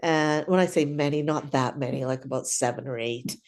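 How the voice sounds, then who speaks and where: Low-voiced older woman telling stories. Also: normal speed. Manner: animated, chatty, keeps adding "right?". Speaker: clown teacher and guest. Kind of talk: casual storytelling interview.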